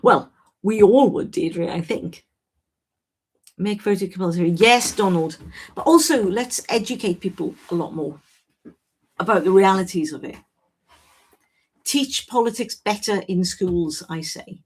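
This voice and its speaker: A woman's voice: mid-range voice, animated, a little slow, long pauses, husky. Chatty woman hosting a live chat. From Wales. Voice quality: chatty, self-interrupting, frank. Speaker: livestream host. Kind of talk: casual live chat reading viewer comments.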